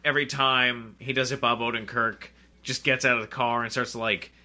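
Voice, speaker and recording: Bright-voiced rambling man recapping TV. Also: medium pitch, normal speed. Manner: rambling, animated, lots of fillers and restarts. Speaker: podcast co-host. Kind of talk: casual TV episode discussion.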